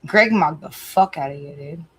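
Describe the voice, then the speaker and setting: A woman's voice: sits low, normal speed, a bit bright, slightly rough, poor audio. A woman livestreamer reacting to a clip, talking heatedly with a lot of swearing and speaking straight to her chat.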